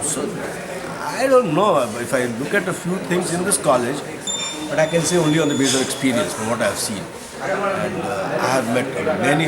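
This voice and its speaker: Older man, loud crowd behind. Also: mid-range voice. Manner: reminiscing, thoughtful. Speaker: college teacher. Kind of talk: documentary interview. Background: loud crowd chatter.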